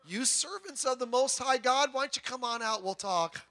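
A man's voice: extremely high pitch, very animated, fast talker, fairly bright tone, pitched above the performer's own voice, full character voice. A man doing a baffled, coaxing ancient king. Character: boastful ancient king, suddenly sweet-talking.

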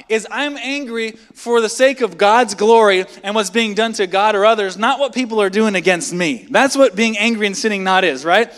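A man's voice: high voice, brisk, a bit bright. A man preaching a midweek sermon in a church, talking in a conversational way and firing rhetorical questions at the congregation. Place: church sanctuary. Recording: long hall reverb.

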